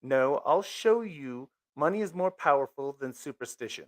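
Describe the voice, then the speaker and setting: A scornful, domineering wealthy mother from a horror comic, read aloud by a man. She speaks at a plain, ordinary pitch. The sound is close and dry. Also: expressive, moderate pace, dry recording, natural voice.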